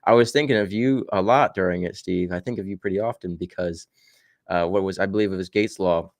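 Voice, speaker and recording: Deep-voiced joking man on a call. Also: a little fast, no echo. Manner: joking, storytelling, many fillers. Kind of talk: casual chat. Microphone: video call.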